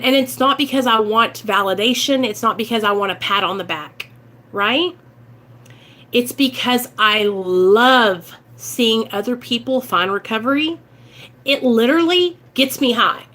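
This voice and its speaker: Recovery vlogger, woman, Midwestern American accent, high voice, emotional and direct, casual live chat. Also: sharp tone. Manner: earnest, emotional, talks straight to viewers.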